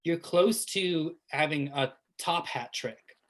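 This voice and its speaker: A woman running a tabletop game as game master, laughing often and reacting with quick asides. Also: sits low, a crowd in the background, poor audio.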